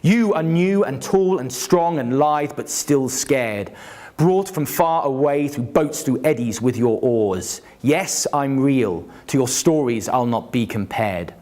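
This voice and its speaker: A menacing monster from a cave, read by a male lecturer speaks in long, heavily stressed verse lines. The pace is slow and deliberate, and the stresses fall with a jangling rhythm. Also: mid-range voice, expressive, darkish tone.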